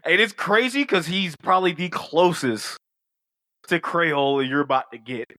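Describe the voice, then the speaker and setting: A man's voice: a little high, moderate pace, sharp tone, no echo. A man co-hosting a podcast, reviewing a movie in casual, profane chat and acting out scenes with laughter. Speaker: podcast co-host.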